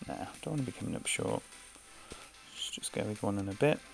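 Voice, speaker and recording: A man's voice: lowish voice, big pitch swings, fairly quick, vocal fry. A man giving live gameplay commentary and chatting with his viewers by name, laughing easily. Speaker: game streamer. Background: faint game music.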